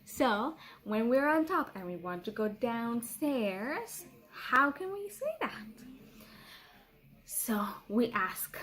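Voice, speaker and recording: Brief: middle-aged woman, children's teacher, slow, patient drilling, slightly high voice, playful. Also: sing-song, a bit bright. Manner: slow, repeats words for pupils to copy; playful, laughs at herself. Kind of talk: children's language lesson.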